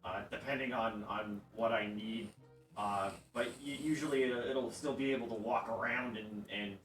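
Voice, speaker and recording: A man voicing an eager young male goblin inventor, talking in a halting, rambling way full of restarts. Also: lowish voice, a bit bright, roomy sound, distant mic, faint music behind, lightly acted, poor audio. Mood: explaining.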